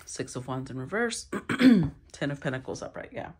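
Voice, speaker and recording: A woman giving a solo tarot reading, thinking aloud with sighs, restarts and throat clearing. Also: extremely low pitch, animated, moderate pace. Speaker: tarot reader.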